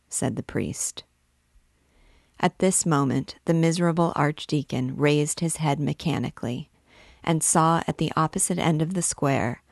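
Woman reading a classic novel aloud, low pitch, gravelly, measured and dramatic, dry close sound. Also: no room sound. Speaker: book reader and guide.

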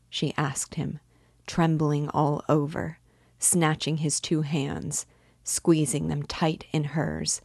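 A woman reading a classic novel aloud as a guide, narrating in a measured, even way. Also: deep voice, creaky, no echo, studio quality. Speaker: reader and literature guide. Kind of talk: audiobook reading.

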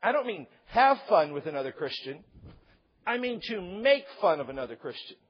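A middle-aged male pastor preaching a sermon, animated and joking, acting out quotes along the way. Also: high-pitched, moderate pace, breathy edge. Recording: slightly dull lo-fi sound.

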